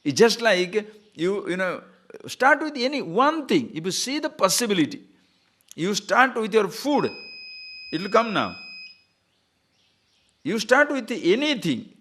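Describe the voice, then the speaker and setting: A man, a spiritual teacher, giving an animated lecture on scripture and acting out little scenes of quoted speech. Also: high-pitched. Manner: animated, acts out quoted speech, chuckles at own stories.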